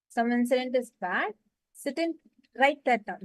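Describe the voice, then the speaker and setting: A woman's voice: on the high side, expressive, moderate pace, no echo, rough recording. A woman leading an online spiritual class, giving patient step-by-step instructions and often checking that everyone understands. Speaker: meditation session facilitator.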